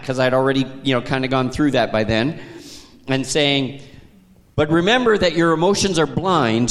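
A man's voice: on the high side, fairly bright tone. A man preaching a sermon as a pastor, telling stories in a conversational way with chuckles. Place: church sanctuary. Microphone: handheld microphone. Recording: long hall reverb.

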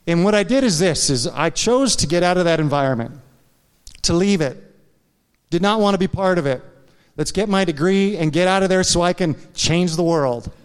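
A man's voice: high-pitched, lively intonation, moderate pace, clean tone. Man preaching a candid sermon in a reverberant church. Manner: candid, confessional storytelling with frequent "right?" asides to the congregation. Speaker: pastor. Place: church sanctuary.

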